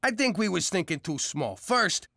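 An actor voicing a blustery mob loan shark and soft-hearted dad in an adult cartoon. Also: male voice, sits high, very animated, normal speed, vocal fry, no room sound, clean studio sound, heavily acted. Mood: bossy. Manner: brash street talk, blustery. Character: mobster dad, brash but soft-hearted.

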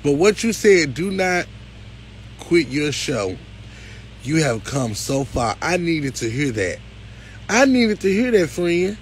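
A man's voice: a little high, sing-song, slow, pauses often, a little hiss or hum, low-quality recording. A man talking to his viewers on a livestream, emotional and close to tears, with a preacherly lift. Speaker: live-stream host.

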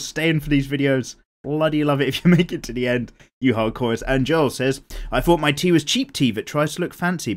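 A young British man hosting a drawing show, reading out viewer comments in a rambling, casual way, swearing freely and laughing often. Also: mid-range voice. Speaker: art channel host.

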